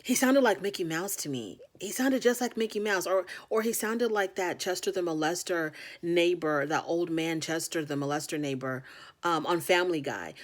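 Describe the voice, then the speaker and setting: A woman hosting a casual reality TV recap, talking frankly and filling her speech with "like" and "you know.". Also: fairly low pitch. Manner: chatty, frank, heavy on fillers like "you know".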